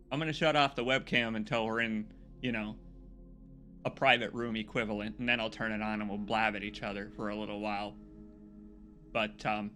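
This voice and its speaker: Bright-voiced excitable male streamer. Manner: excitable, swears freely, laughs loudly, jumps to high yelps. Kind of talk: casual game stream chat.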